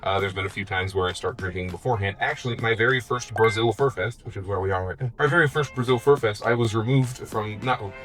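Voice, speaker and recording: A man's voice: lowish voice, fast, hardly any pauses, over music. A man being interviewed at a convention, chatting playfully and laughing often. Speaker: interview guest, musician. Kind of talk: casual chat. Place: at a fur convention.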